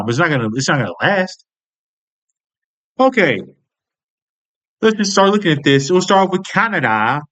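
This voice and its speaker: A man's voice: sits high, a bit bright. An American man giving casual, profane commentary, blunt and incredulous. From United States.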